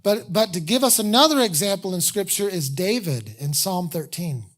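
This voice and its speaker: Pastor, sermon delivery, conversational and honest, mid-range voice, earnest slowed emphasis. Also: mid-range voice, lively intonation, a bit bright. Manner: conversational, candid, self-deprecating asides.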